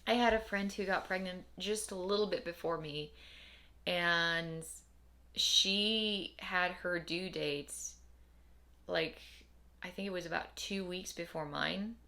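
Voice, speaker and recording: A woman's voice: lowish voice, fairly even intonation, slow, pushed and bright. A young adult woman talking casually to camera in a rambling, wry, tired way, often repeating herself. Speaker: vlogger. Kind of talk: casual personal vlog.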